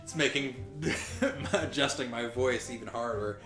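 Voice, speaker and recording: Guy reading a game out loud, does voices, laughs n swears a lot, echoey room. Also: medium pitch, unhurried, music in the background. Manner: animated, swearing, laughing and groaning; puts on character voices and accents while reading. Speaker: let's play streamer. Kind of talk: voicing a game aloud with his wife.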